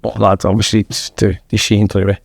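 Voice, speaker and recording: A man's voice: on the low side, little pitch movement, a little fast, gravelly, husky, dry recording. A man in his thirties with a Manchester accent, telling his story as a podcast guest in a blunt, sweary way. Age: 30s. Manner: blunt, sweary, keeps saying "lad". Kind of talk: casual storytelling.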